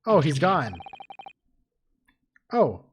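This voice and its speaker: A man's voice: fairly high pitch, very animated, very slow, a little hiss or hum. A man streaming a video game, making jokey casual asides and reacting to his chat. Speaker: let's play streamer. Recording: game music playing behind.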